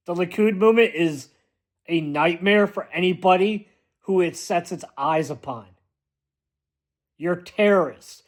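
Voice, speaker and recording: A man's voice: high-pitched, lively intonation, a little slow. A man delivering a blunt, emphatic ranting monologue as a vlogger, often repeating himself for force.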